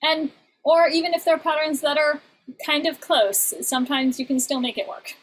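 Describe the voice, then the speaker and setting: A woman's voice: sits high, steady tone, normal speed, a little hiss or hum, low-quality recording. A young adult woman teaching an online songwriting class in a chatty way, with many fillers and restarts.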